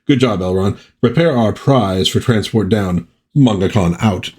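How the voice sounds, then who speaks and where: A man's voice: fairly low pitch, unhurried, darkish tone, lightly acted. A man reading comic dialogue aloud as a grandiose, theatrical male space trader lord.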